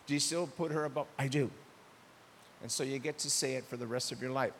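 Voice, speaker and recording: A man's voice: mid-range voice, fairly even intonation, fairly quick, a bit bright. An older man preaching a sermon as pastor, animatedly acting out little dialogues in shifting voices. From United States. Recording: long hall reverb with faint hiss.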